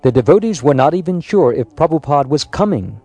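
A man reading a biographical story aloud in a measured, scripted narration. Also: a little high, expressive, mellow, breathy edge, dry recording, faint music behind. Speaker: audiobook narrator.

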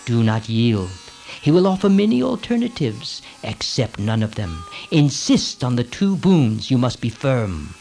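A scheming woman servant from an old storybook tale, full of insistent, commanding urgency as she presses her mistress, with a man reading her lines. The voice sits at an ordinary middle pitch, with faint music underneath. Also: very animated, measured pace, gravelly, few pauses, a little mellow.

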